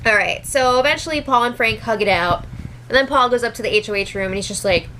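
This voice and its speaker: A woman's voice: a little high, quick pace, sharp tone, slight background noise, low-quality recording. A young woman giving a casual recap, chatty and laughing often as she retells what people said. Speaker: show recap host. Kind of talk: casual reality show recap.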